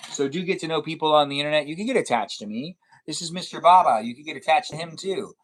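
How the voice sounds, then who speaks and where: A man's voice: a little high, lively intonation, fast talker. Playful young man streaming, goofy and chatty. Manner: playful, silly, breaks into goofy noises and sing-song bits. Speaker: live streamer. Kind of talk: casual live-stream gaming chatter.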